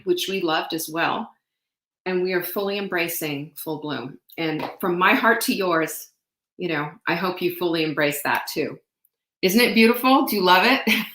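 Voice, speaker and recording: A woman's voice: lowish voice, pushed and bright, reverberant, poor audio. A woman hosting a live sales stream from home, chatty and rambling, getting teary and full of fillers and restarts. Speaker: livestream host selling supplements. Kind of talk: casual live sales chat.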